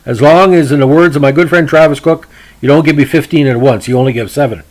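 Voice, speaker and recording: A man hosting a hockey history podcast, talking in a folksy, rambling way, often addressing "ladies and gentlemen" and stopping to restart with fillers. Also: on the high side, fast talker, poor audio. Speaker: podcast host.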